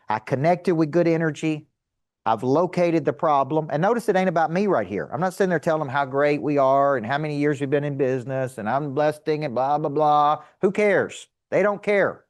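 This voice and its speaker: A middle-aged man teaching a seminar to a live audience as a sales coach, energetic and emphatic, asking rhetorical questions. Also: on the high side, dry recording.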